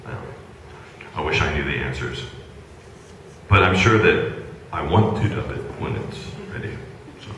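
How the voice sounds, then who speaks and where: A man with a very low voice talks loosely and jokes his way through a convention panel, leaning on fillers as he goes. He is taped from far back in a big echoing hall, with a long reverb tail and clear crowd noise around him. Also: normal speed, pauses often. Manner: relaxed and joking, with many fillers. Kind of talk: casual panel chat.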